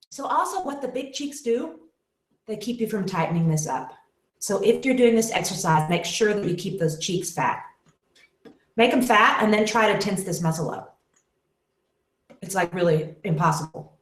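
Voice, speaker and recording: A woman's voice: mid-range voice, expressive, normal speed, faint music behind. A woman teaching a singing lesson in a webinar, explaining exercises and demonstrating with short sung syllables. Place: room with echo. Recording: roomy echo.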